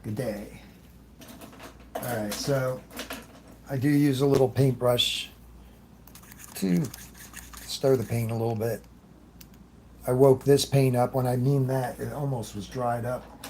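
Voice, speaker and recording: Easygoing man host of a live art demo, slow and mellow, chatty and meandering, greets viewers by name. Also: mid-range voice, fairly even intonation, a little hiss or hum. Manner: talks while working, trailing off often. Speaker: airbrush artist hosting a livestream. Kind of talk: casual live demonstration.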